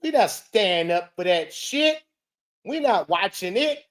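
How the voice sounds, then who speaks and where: Male reaction host, rants and heckles, swears freely, breaks into shouts. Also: extremely high pitch, big pitch swings, moderate pace. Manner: profane, heckling, loud outbursts. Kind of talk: ranting reaction commentary.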